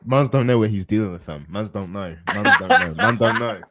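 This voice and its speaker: A guy doing a boastful young London roadman with a put-on London accent, slangy and full of bravado, voice a bit low. It plays like mock tough talk between friends on a casual podcast. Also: expressive, brisk, crowd noise, lightly acted. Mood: swaggering. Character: swaggering young London street tough, man.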